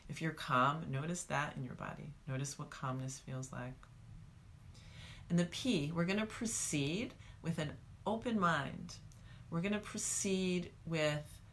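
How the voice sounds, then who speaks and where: A woman teaching a guided meditation, calm and coaching, speaking straight to the viewer. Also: deep voice, slight background noise.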